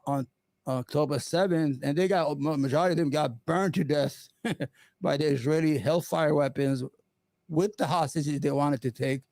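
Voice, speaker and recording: A man hosting an opinionated live commentary stream, impassioned and sarcastic, often halting on fillers and restarts. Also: fairly high pitch, vocal fry, darkish tone, no echo. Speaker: livestream host.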